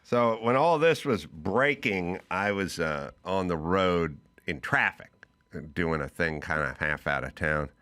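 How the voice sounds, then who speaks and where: Speaking in a deep voice at a measured pace, this middle-aged podcast host spins a relaxed anecdote on his talk show. He gets animated, voicing each party of a phone call in quoted snippets.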